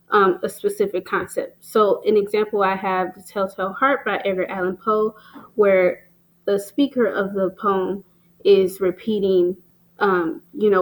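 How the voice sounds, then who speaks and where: A woman explains literary terms in a steady teaching voice. She stops often with "um" and "so", then reads short example lines aloud before going back to explaining. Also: mid-range voice, low-quality recording. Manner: plain, patient explaining with frequent "um" and "so".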